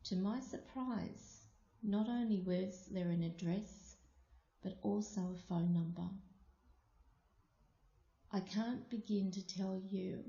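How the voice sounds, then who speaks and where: A woman from Australia telling a personal story aloud, slow and deliberate. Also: mid-range voice, gravelly, warm tone. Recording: muffled, echoey room.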